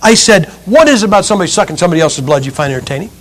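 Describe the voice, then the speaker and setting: Male preacher with a high voice, emphatic sermon delivery, swings between loud and hushed. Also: sing-song, fast.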